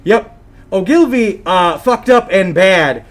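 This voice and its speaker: A man co-hosts a live gaming podcast in loose, joking chat. His voice sits high and swings up and down a lot. He curses offhandedly and teases his co-host. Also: slow. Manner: animated, jokey, swears casually.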